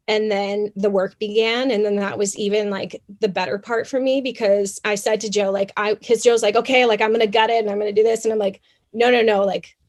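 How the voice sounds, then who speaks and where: A young woman from Canada talks as a podcast guest. She tells her story in a lively, chatty way, with plenty of fillers. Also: mid-range voice. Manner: animated, chatty, many fillers. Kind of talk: casual interview storytelling.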